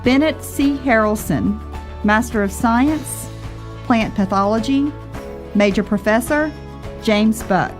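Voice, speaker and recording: A woman announcing graduates at a ceremony, reading names and degrees in a measured, formal manner. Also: fairly high pitch, faint music behind.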